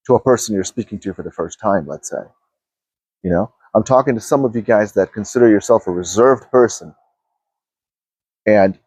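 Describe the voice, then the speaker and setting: A man talking slowly and softly as a spiritual teacher, guiding listeners through a meditation with sighs and repeated phrases. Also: mid-range voice, slightly rough, no room sound. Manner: slow, hushed and drifting, with sighs and repeated phrases. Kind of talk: guided meditation talk.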